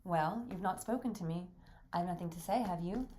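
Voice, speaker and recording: Woman reader voicing an aloof, weary man, flat and withholding, for a stage play read-through. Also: fairly low pitch, brisk, a little hiss or hum, natural voice. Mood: cold. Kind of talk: reading a stage play aloud.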